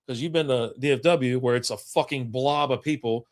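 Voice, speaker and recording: A man's voice: mid-range voice, normal speed, no room sound, studio quality. A man co-hosting a casual chat, telling a long story in a rambling, profane way and acting out what people said. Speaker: podcast co-host.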